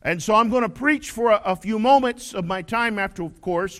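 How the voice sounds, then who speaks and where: A male pastor preaching a sermon, stressing his points and reading scripture slowly. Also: high-pitched, animated. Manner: preaching with rising shouted emphasis and slow scripture reading.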